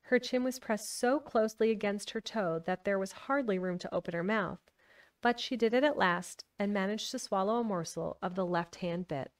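A woman's voice: mid-range voice, normal speed, recorded from a distance. Chatty woman reading a book aloud. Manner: chatty, laughs often. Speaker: streamer reading a novel aloud. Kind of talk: live-streamed book reading with chatty asides.

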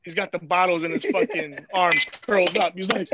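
A man telling a story to friends in profane, slangy, animated casual talk as host of a vlog. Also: sits high, fairly quick, hardly any pauses, noisy background.

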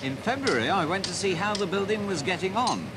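A man presenting a children's TV show, telling the story in a bright, lively voice-over. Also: sits high, fairly quick, heavy background noise. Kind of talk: scripted voice-over narration.

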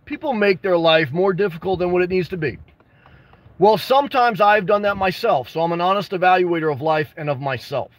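A man hosting a casual livestream, answering viewer comments with blunt, jokey advice and bursts of excitement. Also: high voice, a little fast. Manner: reads and responds to viewer comments. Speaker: livestream host answering chat.

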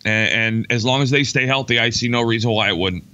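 A man's voice: mid-range voice, a little fast, pushed and bright, no echo, lo-fi sound. A man, a former baseball player co-hosting a sports show, talking casually with many ums and repeated words.

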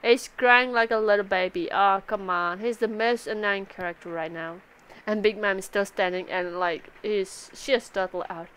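A woman's voice: mid-range voice, steady tone, normal speed, fairly bright tone, clear, resonant tone. A woman casually reacting to a manga chapter live, giggling often and swearing freely as she reads aloud. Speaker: anime reaction video host.

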